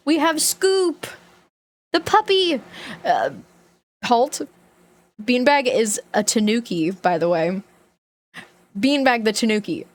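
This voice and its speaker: Young female streamer, bubbly and giggly, unhurried talk, slightly high voice. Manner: bubbly, greets chat by name, giggly. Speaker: livestreamer. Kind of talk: casual stream chat.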